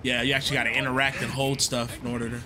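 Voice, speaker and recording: A young man streaming a horror game, chatting in slangy, excitable commentary and repeating himself as he plays. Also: mid-range voice, rapid-fire, background noise. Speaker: gaming streamer. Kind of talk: casual let's-play commentary.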